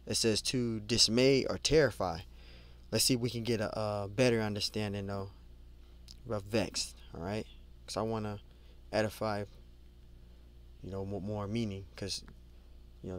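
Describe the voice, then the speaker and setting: A man giving an informal Bible study who reads scripture slowly, then talks it over conversationally, repeating himself and calling his listeners "man.". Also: medium pitch, smooth. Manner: conversational, repeats and restarts words, adds "man" and "you know"; reads scripture aloud slowly, then lists word meanings. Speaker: Bible teacher.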